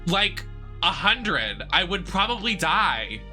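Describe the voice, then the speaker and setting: A man's voice: high-pitched, big pitch swings, slow pace, bright, forceful tone, soft background music. A man chatting casually with his live-stream viewers, teasing and swearing as he talks back to the chat.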